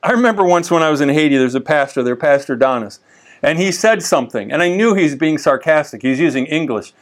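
A man teaching the Bible in a casual, conversational way, telling stories with lively asides and frequent restarts. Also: on the high side, fast talker.

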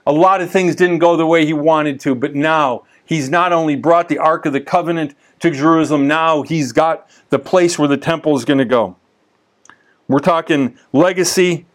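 This man's voice is on the high side as he teaches the Bible in a relaxed, chatty manner. He tells stories, drifts into lively asides and often starts over.

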